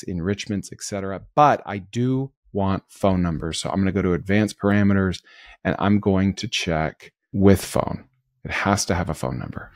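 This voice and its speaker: An upbeat man narrates a screen-recorded tutorial, explaining each click as he makes it. His voice sits a little low. The sound is dry and close, with no room around it. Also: creaky, darkish tone, no echo. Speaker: host.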